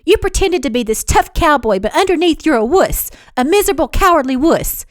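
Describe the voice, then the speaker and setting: A woman voicing an indignant young woman who shouts in a high, shrill voice during a storybook romance reading. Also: very animated, normal speed, dry recording, studio quality, close to an everyday voice.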